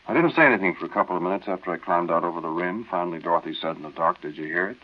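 An actor playing a man who recalls a spooky night in the desert, telling it in slow, earnest narration for an old radio drama. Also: low-pitched, dull audio. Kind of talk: 1940s radio acting.

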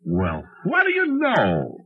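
Flustered folksy young man, deep-voiced. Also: wildly swooping pitch, slightly rough, full character voice. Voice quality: folksy, halting, full of uhs and gee. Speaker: time traveler narrating his own tale. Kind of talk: 1940s radio acting. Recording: tinny old radio broadcast with music.

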